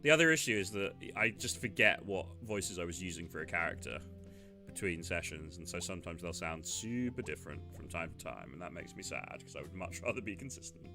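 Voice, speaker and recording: A man's voice: low-pitched, lively intonation, a little fast, over music. A man giving casual, self-deprecating commentary while playing a game. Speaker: let's player.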